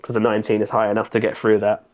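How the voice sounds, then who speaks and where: A man's voice: lowish voice, monotone, racing, darkish tone. A man running a tabletop game as game master, narrating in a loose, rambling way with restarts and fillers.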